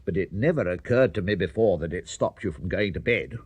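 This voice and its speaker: A man voicing a polite, sensible young boy who speaks in a steady, courteous way. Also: sits low, brisk, husky, dry recording, voice pushed down.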